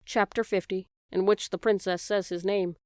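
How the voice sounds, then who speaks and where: A woman narrating a children's audiobook in a measured, expressive storytelling manner. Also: mid-range voice, no room sound, studio quality.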